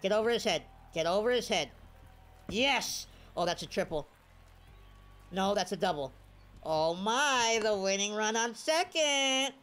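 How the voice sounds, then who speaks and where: A man commentating his own baseball video game as he plays, excitable, his voice jumping to high shouts at big plays, tired after hours of play. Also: measured pace. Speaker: gaming YouTuber. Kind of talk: live gameplay commentary.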